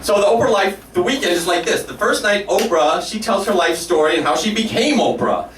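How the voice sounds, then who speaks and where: A man's voice: high voice, expressive, a little fast. A man performing a self-deprecating comic story live at a small café, laughing through his lines. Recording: roomy live room from a distance, faint noise.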